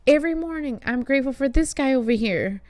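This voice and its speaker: A woman's voice: sits high, animated, fast talker, a little mellow. A woman hosting a casual conversation, chatty and peppered with swearing and fillers. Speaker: host. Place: art studio shop.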